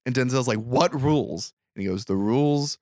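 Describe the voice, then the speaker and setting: A man's voice: medium pitch, normal speed, darkish tone, no echo, studio quality. A man casually retelling a movie scene by scene on a podcast, acting out the characters' lines with loose swearing. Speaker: podcast host. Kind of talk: casual movie recap chat.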